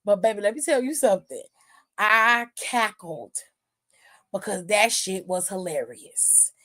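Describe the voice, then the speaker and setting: A woman's voice: mid-range voice, animated, unhurried, fairly bright tone. A woman hosting a wrestling aftershow stream, talking in a sassy, profane, casual way and laughing often.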